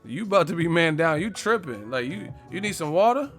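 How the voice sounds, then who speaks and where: A man's voice: on the high side, very animated, a little fast, a bit bright, faint music behind. A man hosting a boxing live stream, ranting casually and profanely, joking and mocking stiff interviewers with put-on voices. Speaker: boxing channel host.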